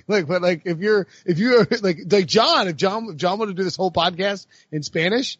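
A man's voice: high-pitched, brisk, few pauses, husky, no room sound, highs cut off. A man co-hosting a casual sports podcast, rambling with lots of fillers and frequent laughs. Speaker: podcast co-host.

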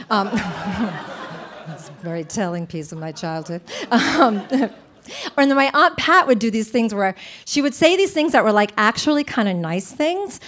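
A woman telling a funny personal story live on stage before an audience, lively and animated, with lots of "like" fillers. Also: mid-range voice. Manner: lively, comic, animated, frequent "like".

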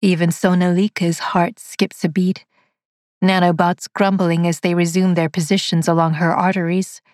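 A woman narrating a dark science-fiction story in a slow, measured, dramatic reading. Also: lowish voice, level tone, no echo, clean studio sound. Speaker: audiobook narrator.

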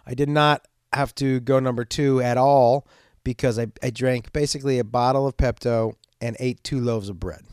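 A man's voice: medium pitch, darkish tone, smooth, no echo, clean studio sound. A man hosting a podcast in a casual monologue, telling stories with candid, crude, rambling humor. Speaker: podcast host.

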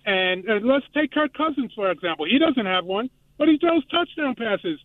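A man's voice: extremely high pitch, expressive, normal speed, no room sound. A man calling a sports radio show from his car, polite and eager to make his point over interruptions. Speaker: caller. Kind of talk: call-in sports opinion. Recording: tinny phone line.

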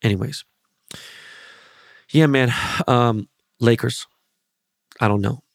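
A man's voice: medium pitch, steady tone, fairly quick, creaky, no echo, clean studio sound. A man hosting a podcast, telling rambling, profanity-laced stories in a loose, casual monologue. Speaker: podcast host.

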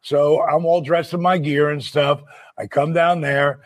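A man hosting a podcast, telling a story in a casual, animated way, acting out other people's lines and laughing often. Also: a little high, measured pace. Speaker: podcast host.

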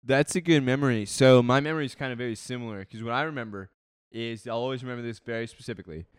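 A young man with a mid-pitched, smooth voice, trading dry, exasperated remarks while watching an old game with a friend. The sound is close and dry, with no room echo. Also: fast talker. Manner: sardonic, exasperated groans. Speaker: podcast co-host. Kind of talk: casual chat watching an old football game.

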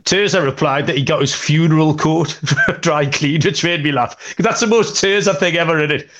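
A man's voice: on the high side, moderate pace, fairly bright tone. A young adult man co-hosting a betting podcast, telling rambling jokey stories in casual chat with lots of fillers. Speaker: podcast co-host.

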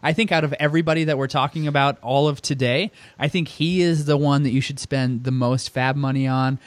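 A man's voice: mid-range voice, fairly even intonation, dry recording. Man hosting a sports podcast. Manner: brisk, steers the discussion. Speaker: podcast host. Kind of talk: casual fantasy sports chat.

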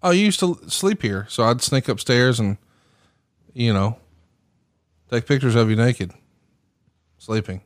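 A man's voice: mid-range voice, lively intonation, unhurried, long pauses, no room sound, clean studio sound. A man from the American South co-hosting a podcast, chatting casually and teasing his partner. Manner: teasing, joking. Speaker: podcast co-host. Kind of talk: casual chat.

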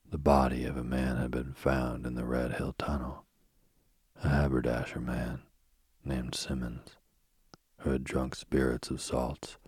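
A man reading a spooky bedtime story in a soft, slow, husky whisper, close to the mic. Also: a bass voice, no echo.

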